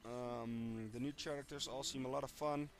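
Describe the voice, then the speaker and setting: A man's voice: medium pitch, steady tone, normal speed. Hesitant man with dry self-mocking humor. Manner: hesitant, many ums and uhs. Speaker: player commentating his own match replays. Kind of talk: casual gaming commentary.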